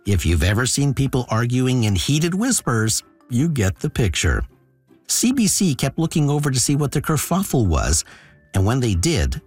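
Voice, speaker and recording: Man, storyteller, wry humor, very animated pitch, husky voice. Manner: wry, dry-humored delivery. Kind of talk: personal storytelling narration.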